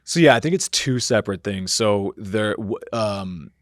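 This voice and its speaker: Speaking at a moderate pace, this man has a fairly low, expressive voice captured in a dry studio-quality recording. A company founder on a podcast, he reflects at length in a conversational interview, filling his speech with fillers and performing his own quoted thoughts.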